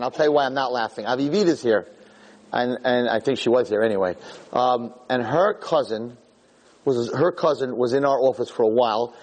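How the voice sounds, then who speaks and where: A male rabbi delivers a storytelling sermon in a husky, slightly breathy voice. He speaks animatedly, circling back and restarting, and his pitch climbs sharply as he gets caught up in a tale. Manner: animated, climbing to excited high pitch in stories; frequent restarts and asides to the audience.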